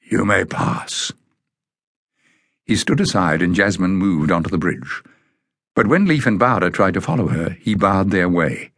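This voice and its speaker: A man narrating a children's fantasy audiobook in a measured, deliberate way. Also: low-pitched, very animated, a bit bright, no room sound, studio quality. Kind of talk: scripted narration of a children's novel.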